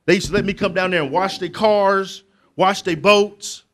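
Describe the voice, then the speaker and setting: A middle-aged man, giving a motivational speech to young people at a conference, preacherly and building to loud emphatic peaks with asides to the crowd. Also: high voice, fairly even intonation, normal speed. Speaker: motivational speaker. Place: conference hall.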